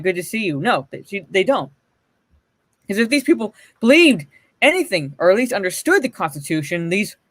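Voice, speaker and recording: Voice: medium pitch, dry recording. A livestream host giving blunt, profane, mocking commentary and answering chat messages.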